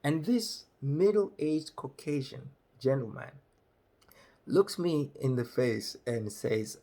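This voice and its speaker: A man's voice: a little high, normal speed. A man from Malawi, telling a comic story on stage and acting out the people in it. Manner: animated, acts out characters. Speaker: stand-up comedian.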